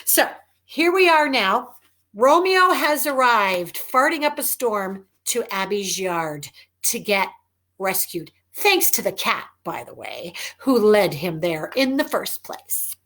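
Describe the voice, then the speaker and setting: A woman author reading her own children's book aloud in an animated, emphatic, chatty way. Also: medium pitch, slow pace. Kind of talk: children's storytelling.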